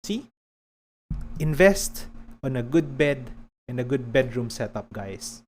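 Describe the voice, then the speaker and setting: A man's voice: medium pitch, expressive, slow pace, a little mellow, a little hiss or hum. A man with a Filipino accent chatting casually while streaming a game, rambling and laughing often.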